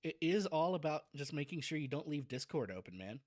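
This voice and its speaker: A man chats casually on his livestream, joking at his own expense and restarting sentences as he goes. His voice sits a little high and moves a lot. He sounds loose and talkative. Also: big pitch swings, brisk, darkish tone, dry recording. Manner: chatty, self-deprecating, restarts often. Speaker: streamer reading a novel aloud.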